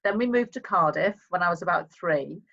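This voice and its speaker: A woman with a soft Liverpool accent, a guest author chatting casually on a podcast in an upbeat way and laughing often. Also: on the low side, lively intonation, a little fast, creaky, highs cut off. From England.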